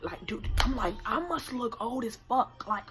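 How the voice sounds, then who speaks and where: A teenage woman telling a story to her camera, animated and profane, acting out what people said. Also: a little high, normal speed, over music. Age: late teens. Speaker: vlogger. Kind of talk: casual storytime vlog. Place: indoor room by natural light.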